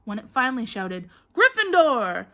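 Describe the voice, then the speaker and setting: A woman narrates an audiobook in a bright, forward voice. She reads in a lively way and gives called-out names and shouts plenty of energy. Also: medium pitch, normal speed. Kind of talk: storybook narration.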